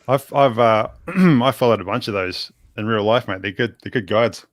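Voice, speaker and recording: A man with a New Zealand accent, guesting on a casual live-stream chat. His voice sits fairly low, and he answers with quick, playful banter. The sound is dry and close. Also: no room sound. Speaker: guest radio operator.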